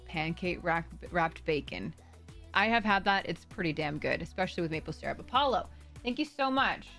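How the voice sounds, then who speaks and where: Woman streamer, casual chat, rambling, bubbly, lowish voice, faint music behind. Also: lively intonation, moderate pace, creaky, fairly bright tone. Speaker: livestream host.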